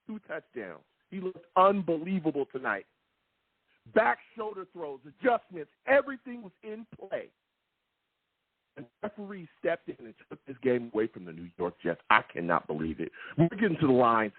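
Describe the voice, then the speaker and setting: A man's voice: a little high, wildly swooping pitch, normal speed, slightly rough, dry recording, phone-quality sound. A man hosting a sports call-in show, ranting in a fired-up, repetitive way. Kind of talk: heated sports call-in talk.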